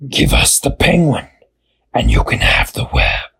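A man voicing a huge, sly, hungry spider in a told story, speaking in slow, low, whispery threats. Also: huge pitch swings, gravelly, pushed and bright, husky, exaggerated voice. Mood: menacing. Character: big menacing spider chief, hungry and sly.

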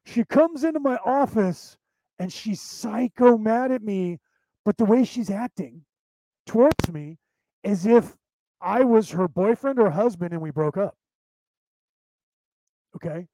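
A middle-aged man tells a long personal story on his podcast, rambling and swearing, often restarting his sentences. His voice sits high for a man yet has a mellow, relaxed timbre. The sound is dry and close, with no room echo. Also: a little slow, long pauses. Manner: rambling, profane, with many restarts. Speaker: podcast host. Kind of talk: casual storytelling monologue.

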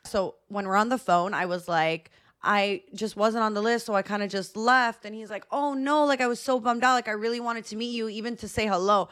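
A woman co-hosting a podcast tells a story in casual chat, acting out quotes and laughing often. Her thick, mid-range voice has a fairly bright tone and moves a little fast.

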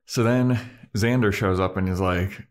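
A man's voice: lowish voice, measured pace. A man co-hosting a casual podcast, recapping an episode and acting out characters' lines with plenty of swearing. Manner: profane, acts out characters' lines. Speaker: podcast co-host.

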